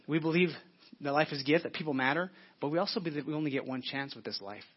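A man's voice: on the high side, very fast, breathy edge, dull audio. A male pastor preaching a sermon in an earnest, conversational way, repeating phrases and restarting often.

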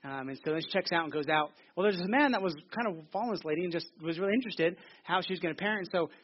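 Speaking rapid-fire in a high voice, a pastor in his thirties gives a joking, casual sermon in a theater, repeatedly restarting his sentences. Background noise sits under a slightly dull lo-fi recording.

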